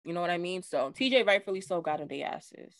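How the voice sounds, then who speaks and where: Slangy, animated woman podcast co-host. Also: lowish voice, fast, no echo. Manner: animated, slangy, does voices when quoting. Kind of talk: casual recap chat.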